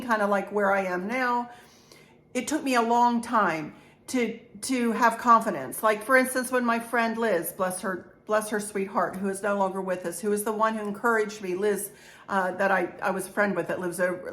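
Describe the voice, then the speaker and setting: A middle-aged woman, chatting in a rambling, encouraging way as a home decor vlogger. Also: medium pitch. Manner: warm, rambling, encouraging, with many restarts. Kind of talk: chatty haul vlog.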